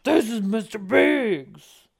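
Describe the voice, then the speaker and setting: Mister Biggs, a woman's mock man voice, crude and loud. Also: on the high side, animated, slow pace, creaky, breathy edge, full character voice. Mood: crude teasing. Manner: loud, vulgar, teasing.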